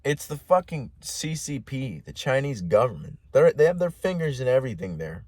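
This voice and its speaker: A man's voice: medium pitch, sing-song, moderate pace, darkish tone, dry recording. A man hosting a podcast alone, rambling in a casual monologue with heavy swearing, lots of "like" and restarts. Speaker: podcast host.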